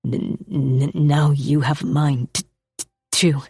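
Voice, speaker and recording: A woman voicing a gentle, earnest young man who stutters on the starts of his words, in an audiobook. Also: low-pitched, steady tone, slow, creaky, slight background noise, pitched below the performer's own voice, heavily acted. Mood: hesitant.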